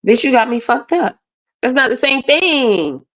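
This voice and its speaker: Sounding high and fairly bright, a woman rants casually on a live panel stream, blunt and profane. The audio quality is dull and lo-fi.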